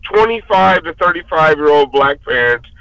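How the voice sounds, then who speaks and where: A drunk man ranting hard on a podcast, swearing at every turn. His voice is bright and tense, pitched a little high for a man. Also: lively intonation, moderate pace, no room sound, rough recording. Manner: profane, heated ranting. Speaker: podcast guest. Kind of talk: casual podcast rant.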